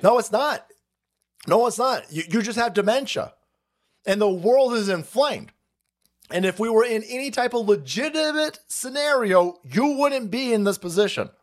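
A man hosting a political livestream, ranting in a foul-mouthed, sarcastic way with shouted outbursts. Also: sits high, animated, moderate pace. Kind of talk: profane political rant.

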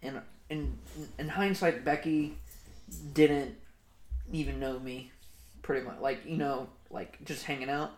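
A man's voice: mid-range voice, steady tone, a little slow. A young man co-hosting a podcast, telling a story in a rambling, profane way with lots of fillers. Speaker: podcast co-host. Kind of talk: casual storytelling chat. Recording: echoey room, faint noise.

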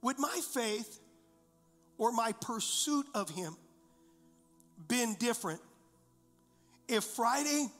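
A man's voice: extremely high pitch, animated, takes it slowly, long pauses, a bit bright, long reverb tail, soft background music. A male pastor preaching a sermon, emphatic and repetitive, full of rhetorical questions. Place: church.

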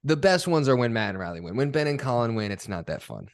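A young man hosting a podcast, talking casually in a relaxed, rambling, self-deprecating way. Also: mid-range voice, fast, no echo, studio quality. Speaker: podcast host. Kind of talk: casual chat.

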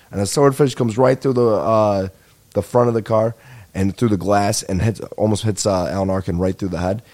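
A young man hosts a comedy podcast, his fairly low, darkish voice moving at a moderate pace. In a casual, slightly tired monologue, he rambles through profane stories that poke fun at himself.

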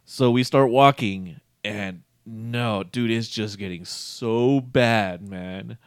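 A man's voice: fairly low pitch, slow, clean tone, dry recording, studio quality. A man casually telling a rambling, profane story, often breaking into laughter. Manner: profane, laughing, animated retelling.

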